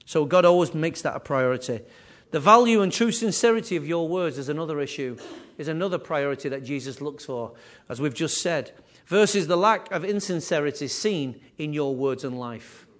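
Guy preaching, high voice, punchy repeats, chatty asides. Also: normal speed. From England. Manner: animated preaching with repetition and asides. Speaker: pastor. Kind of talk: sermon.

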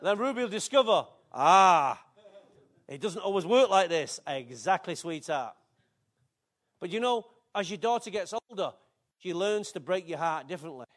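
A man's voice: sits high, lively intonation, normal speed. An older man, preaching a sermon in a chatty, joking way with asides to the congregation. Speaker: pastor.

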